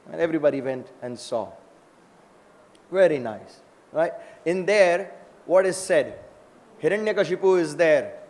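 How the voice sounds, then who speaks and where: A man giving a lively scripture class, telling stories and acting out the dialogue. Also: mid-range voice. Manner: animated, acts out dialogue in the stories. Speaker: scripture lecturer. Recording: long hall reverb.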